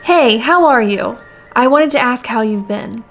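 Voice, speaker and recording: Woman reading friendly clumsy neighbor man, casual game read, higher pitch. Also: expressive, measured pace, fairly bright tone, faint music behind. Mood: chummy.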